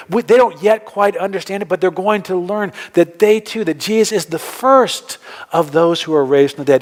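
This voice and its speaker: A pastor with a voice on the high side preaches a sermon in a church hall, the recording carrying long reverb. His manner is conversational, and he poses questions to the congregation.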